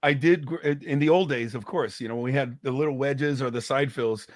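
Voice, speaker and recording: A man's voice: medium pitch, a little fast, no echo, studio quality. A man in his fifties, a singer and guest, telling stories in a casual chat over a video call, often repeating words as he starts a thought. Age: 50s. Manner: animated storyteller, repeats words when starting.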